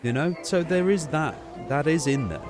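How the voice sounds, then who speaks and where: A man's voice: on the high side, moderate pace, over music. A man from Cornwall, hosting a casual podcast chat in a heated, sweary, ranting way. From Cornwall, England. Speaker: podcast host.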